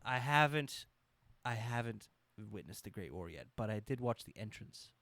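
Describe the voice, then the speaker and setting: A man co-hosting a casual podcast chat, animated and profane as he riffs. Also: mid-range voice, normal speed, no room sound. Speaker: podcast co-host.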